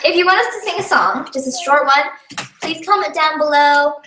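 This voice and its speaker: A woman's voice: sits high, animated, fairly quick, bright, forceful tone, a little hiss or hum. A young woman chatting casually on a live stream, rambling and giggly with lots of fillers, recorded at home. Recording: echoey room, a bit far from the mic.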